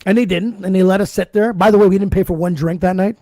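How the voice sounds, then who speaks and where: A man's voice: high-pitched, quick pace, no echo. A man co-hosting a podcast, telling a bar story in casual, profane chat and acting out the quoted lines. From Canada. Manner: animated, profane, acts out quoted dialogue. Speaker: podcast co-host.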